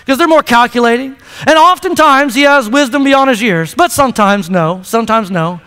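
A man's voice: very high-pitched, moderate pace, sharp tone, clear, resonant tone. A man in his thirties, a pastor preaching a chatty, playful sermon to his congregation. He often repeats words as he starts a sentence. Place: church sanctuary. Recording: long hall reverb.

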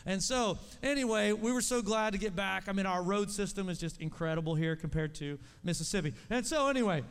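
A man's voice: sits high, fairly quick, smooth. Enthusiastic male pastor from Oklahoma, echoing through a big church hall. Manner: enthusiastic, says "man" a lot. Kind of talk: church service announcements. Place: church sanctuary in Texas. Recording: long reverb of a large church.

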